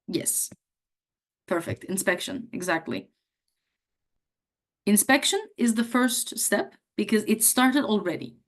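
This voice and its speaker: Hoarse woman teaching medical students. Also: medium pitch, lively intonation, slow, long pauses. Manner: conversational, acts out patient questions. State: hoarse from a cough. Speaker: medical lecturer. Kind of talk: teaching a workshop on history taking.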